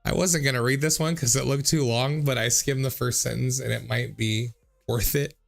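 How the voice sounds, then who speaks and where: A man's voice: mid-range voice, fairly even intonation, moderate pace, creaky, soft background music. A man in his thirties, a streamer reading out viewer comments in a casual, jokey way, swearing freely and often laughing.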